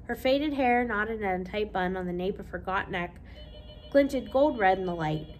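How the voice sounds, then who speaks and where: A woman, a children's librarian, reading a children's novel aloud with expressive storytelling. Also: mid-range voice, normal speed, faint music behind.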